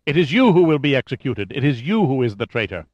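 A man's voice: medium pitch, sing-song, brisk, dry recording, muffled recording, close to an everyday voice. A man voicing a cold, commanding Russian KGB agent in an audiobook, delivering curt, barked orders. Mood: harsh, commanding.

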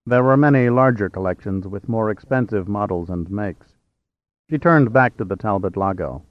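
A man narrating a novel as an audiobook reader in a steady, measured way. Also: on the low side, no room sound. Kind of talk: scripted narration. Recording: slightly dull, dry.

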